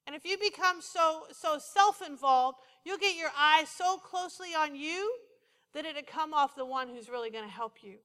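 Woman pastor, middle-aged, high bright voice, conversational sermon in a reverberant church. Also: normal speed. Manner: conversational preaching, repeats phrases for emphasis.

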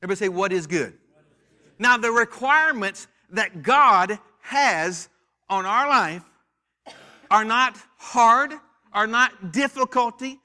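Taking his time, this US preacher speaks in a high, expressive, sharp-toned voice during a church sermon. He trades call-and-response lines with the congregation and teases people in the pews.

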